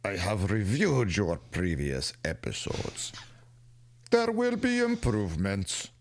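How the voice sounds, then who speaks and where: A man putting on a gruff, surly foreign recruit with a mock German-sounding accent, speaking in slow, flat, stern pronouncements. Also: fairly low pitch, a little hiss or hum, pitched below the performer's own voice, full character voice. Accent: put-on German-sounding accent.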